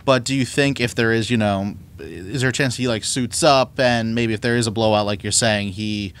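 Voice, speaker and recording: A man's voice: on the low side, normal speed, fairly bright tone, smooth. A man hosting a sports podcast in casual chat. He has a laid-back, agreeable manner and often chimes in with short replies. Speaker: podcast host.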